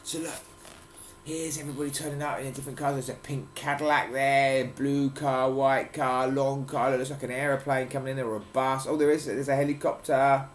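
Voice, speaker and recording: A man's voice: mid-range voice, little pitch movement, fairly quick, slight background noise. A father reading a picture book aloud to his children at home, playfully explaining words and pointing at the pictures.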